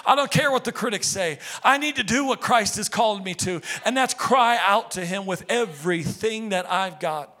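A male pastor preaching a sermon with passion, swinging from shouted cries down to hushed, quiet appeals. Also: sits high, normal speed, few pauses.

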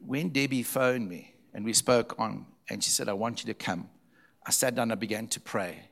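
A man's voice: on the low side, moderate pace, vocal fry, fairly bright tone. A man, a preacher, earnestly recounting a story as a testimony and repeating phrases for emphasis.

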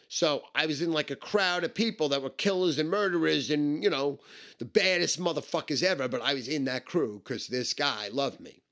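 A man's voice: fairly high pitch, brisk. A man telling a personal story in a blunt, emphatic and heavily profane way. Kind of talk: casual spoken anecdote.

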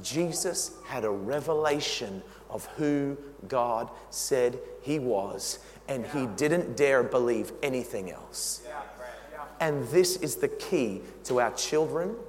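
A man preaching a sermon, emphatic and animated, talking straight to the congregation. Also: mid-range voice. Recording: long reverb in a big hall.

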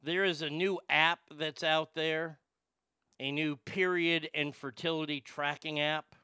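A man hosting a comedy show, ranting crudely and making a prank call, excitable, profane and full of stammered restarts. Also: on the high side, unhurried, clean tone, dry recording, studio quality.

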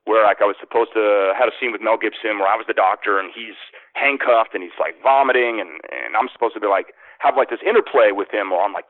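A man's voice: fairly low pitch, quick pace, no echo. Man in his thirties, sports radio host, rambling anecdote style, thin phone-line sound, dry. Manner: rambling, lots of restarts and "like". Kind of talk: casual storytelling interview.

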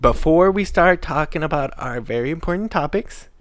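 A man's voice: a little high, lively intonation, moderate pace, no echo. A young man co-hosting a casual podcast at home, joking around and swearing freely. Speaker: podcast co-host.

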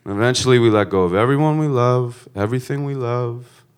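A man doing a stand-up set, swinging between quiet reflective musing and loud profane punchlines in a conversational storytelling style. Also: medium pitch, fairly quick, clean tone. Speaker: stand-up comedian.

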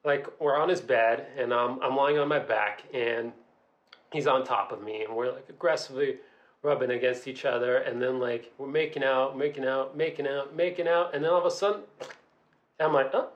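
A man's voice: mid-range voice, moderate pace, dull audio. A man, a podcast guest, telling a story in casual chat, using lots of filler words and acting out quotes. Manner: animated, full of "like" fillers, acts out quotes.

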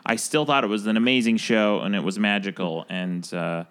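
A man, an improv comedian, chatting casually and telling a story with lively acted-out quotes. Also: lowish voice, moderate pace, clear, resonant tone. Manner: animated storyteller, acts out quoted voices. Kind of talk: casual podcast chat.

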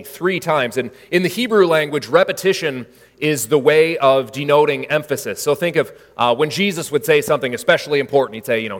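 A man's voice: on the high side, normal speed, in a large hall. A man preaching a sermon in a conversational way, with frequent fillers and restarts. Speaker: pastor.

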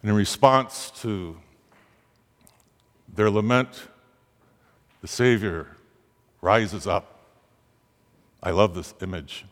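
A male preacher speaks slowly with long pauses, giving his sermon a dramatic delivery. His pitch climbs on the pleas he quotes, and the long reverb of a big church hall surrounds him.

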